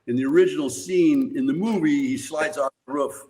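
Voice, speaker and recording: Warm-toned and on the high side, an older man's voice comes through a little fast on poor audio. As a podcast guest, he spins rambling, profane anecdotes in casual storytelling and laughs frequently.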